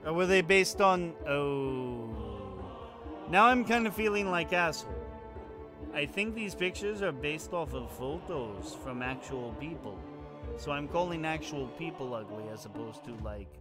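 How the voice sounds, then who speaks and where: A man's voice: a little high, expressive, unhurried, music in the background. A man hosting a let's play in casual game commentary, sarcastic and exclaiming, swearing freely, recorded at home on a rolling chair.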